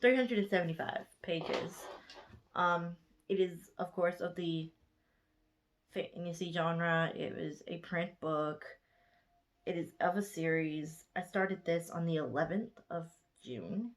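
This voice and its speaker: A woman in her twenties with a Southern US accent gives a casual book review vlog. She sounds sleepy from being up late and rambles along in a fairly low voice, stopping to correct herself and gushing over what she loved. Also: slow, a little hiss or hum. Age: 20s. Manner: rambling, chatty, gushing, with frequent self-corrections. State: sleepy, yawning late at night.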